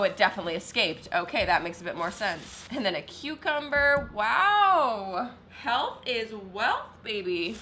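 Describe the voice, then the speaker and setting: A woman's voice: medium pitch, pushed and bright, slight background noise. A woman chatting casually in her vlog at home, upbeat and peppering her talk with "like". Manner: chatty, upbeat, heavy use of "like". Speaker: vlogger.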